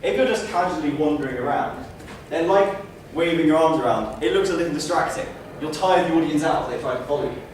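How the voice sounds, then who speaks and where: Man lecturing on a stage, far from the mic. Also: a little high. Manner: demonstrates loud, soft, slow and fast delivery; wry asides. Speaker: public speaking trainer. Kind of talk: training speech to a live audience. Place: stage in a hall. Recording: echoey room, mic far off, faint noise.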